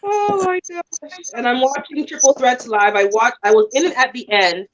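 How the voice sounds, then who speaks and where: A woman's voice: a little high, fairly quick. A woman chatting casually on a livestream, greeting viewers as she talks. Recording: dull lo-fi stream audio.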